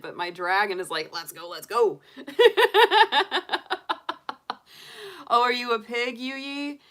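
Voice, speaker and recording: A woman's voice: on the low side, a bit bright, clear, resonant tone. Cheerful woman hosting a tarot livestream. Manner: chatty, greets viewers by name; cheerful and enthusiastic. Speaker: tarot reader and livestream host. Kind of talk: casual livestream chat.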